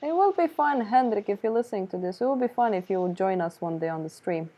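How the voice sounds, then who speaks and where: A woman hosts a relaxed art stream and chats in an easygoing way while she draws. Her talk is loose and she makes light of herself. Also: mid-range voice, fast. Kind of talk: casual chat while drawing.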